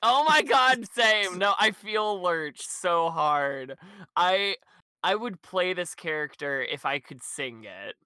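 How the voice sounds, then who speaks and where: A man's voice: sits high, animated, slow pace, bright, forceful tone, clean tone, no echo. A man co-hosting a podcast, casually recapping a musical in a rambling way, with frequent laughs and fillers. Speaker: podcast co-host.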